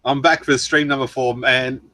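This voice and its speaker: A man's voice: mid-range voice, fairly even intonation, normal speed, pushed and bright, dry recording. An Australian man hosting a casual live stream, reading out viewer messages in a chatty way with frequent laughs and ums, his throat worn from long talking. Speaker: livestream host.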